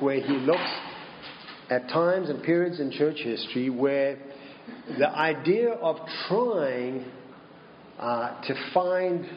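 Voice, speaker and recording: Slow-speaking male preacher in an echoey hall. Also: fairly high pitch, highs cut off, a little hiss or hum. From Minnesota. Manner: slow and deliberate, with rhetorical questions. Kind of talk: sermon.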